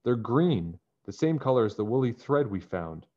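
A man voicing an eager young girl detective who talks in quick, excited bursts. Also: medium pitch, voice pushed up. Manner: excited, fast pleading. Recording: dull lo-fi recording.

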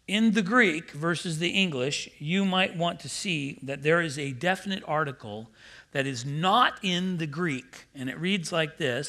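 A male pastor delivering a sermon, animated and emphatic, slipping into mimicked voices for quotes and breaking in with direct asides to the congregation. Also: on the high side, unhurried. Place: church.

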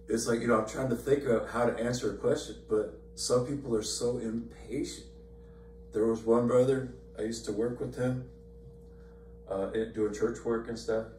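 Lower-voiced man teaching, echoey room. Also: a little mellow. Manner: conversational, repeats words, many fillers. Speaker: Bible study teacher. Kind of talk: informal Bible study teaching. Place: church meeting room. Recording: echoey room, far from mic, faint hum.

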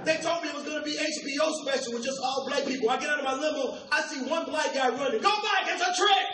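A man's voice: very high voice, fairly even intonation, a bit bright. An older man performing live stand-up comedy, joking loosely and teasing the crowd, his voice worn from weeks of touring. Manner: loose, playful crowd work with quick asides to the audience. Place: comedy club stage before a live audience. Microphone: handheld stage mic. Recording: echoey club recorded from a distance. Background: audience laughter and room ambience.

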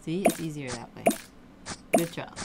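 With a low, creaky voice at normal speed, a young adult woman cheers on her child during a game, coaching, encouraging, and exclaiming in a casual way. There's loud noise in the background.

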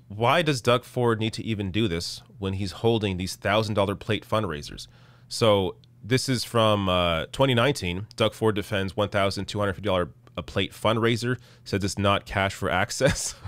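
A man hosting a live news commentary stream, reading news quotes and reacting with indignant sarcasm, his voice going hoarse. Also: lowish voice, fairly bright tone, dry recording. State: losing his voice. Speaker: political commentary host.

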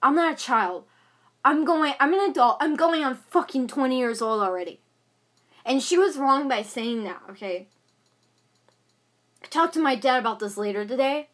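A young woman of about twenty rants angrily on her vlog in rambling bursts full of fillers and repeats. Her high-pitched, fairly bright voice is animated, with a moderate pace and frequent pauses.

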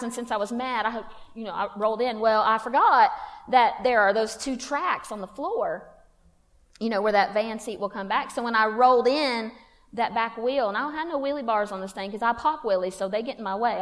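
A woman with a somewhat high, slightly bright voice entertains a women's church conference with a folksy, self-mocking personal story. It's a humorous testimony recorded in a church hall with long reverb.

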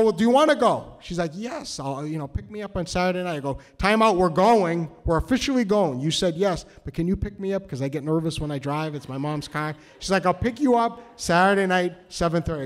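A man from New Hampshire telling a story on stage, nervous and halting, with many restarts. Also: high-pitched. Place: cultural center hall, live audience.

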